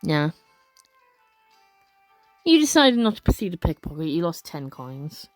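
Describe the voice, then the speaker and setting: A woman doing casual let's play commentary, reading game text aloud with expressive, gasping reactions and chatty asides. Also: low-pitched, a little slow, no echo, faint music behind.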